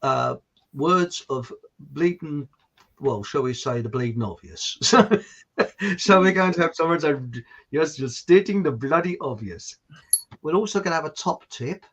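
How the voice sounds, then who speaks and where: A man's voice: a little high, moderate pace, vocal fry, fairly bright tone, highs cut off. A man from Hertfordshire with an estuary English accent, hosting a casual chat show and rambling cheerfully. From Hertfordshire, England. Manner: chatty, rambling, laughing often. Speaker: host.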